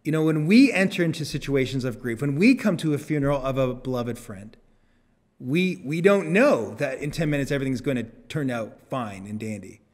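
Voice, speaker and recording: A male pastor preaching a sermon, earnest, lifting his voice for emphasis and dropping it low on solemn words. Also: expressive, brisk, a little mellow. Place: church sanctuary. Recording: long church reverb.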